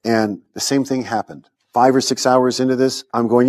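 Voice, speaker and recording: A man's voice: mid-range voice, fairly even intonation, moderate pace, few pauses, darkish tone. A man in an interview, telling his own life story and acting out the voices of people he quotes. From United States. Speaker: interviewee, convert to Islam. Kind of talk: personal testimony in an interview.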